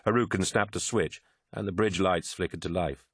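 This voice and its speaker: Male audiobook narrator, measured, grave, very low voice, dry close sound. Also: husky, dry recording.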